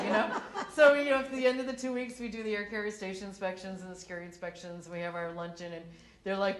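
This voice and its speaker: A woman's voice: medium pitch, brisk, a faint crowd. Laughing woman telling stories in a roomy hall. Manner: animated, laughs through her stories. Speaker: panelist. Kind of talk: storytelling on a panel. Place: conference hall.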